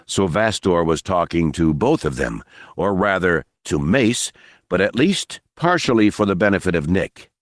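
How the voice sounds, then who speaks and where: A man narrating an unabridged novel audiobook with expressive, measured storytelling. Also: low-pitched, dry recording, studio quality.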